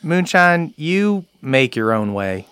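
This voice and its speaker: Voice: mid-range voice, big pitch swings, slow, fairly bright tone, clean tone, no room sound. A game master doing a wary old clan matriarch. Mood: encouraging. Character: old woman elder of the clan, proud, wary.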